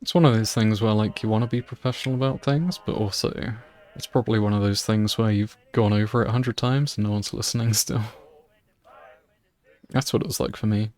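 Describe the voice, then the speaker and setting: A man's voice: fairly low pitch, brisk, darkish tone. A man streaming a game playthrough live, chatting in a rambling way with lots of fillers.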